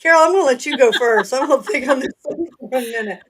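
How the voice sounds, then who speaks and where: A woman's voice: high voice, fast talker, breathy edge. A middle-aged woman with a Southern accent, co-hosting a casual chat and laughing often. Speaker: author and co-host.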